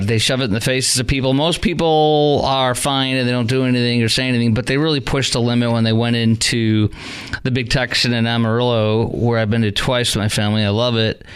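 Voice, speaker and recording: Animated talk radio host, man. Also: mid-range voice, clean tone. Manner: animated, indignant, rambling with restarts. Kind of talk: talk radio monologue and call-in. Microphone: studio microphone.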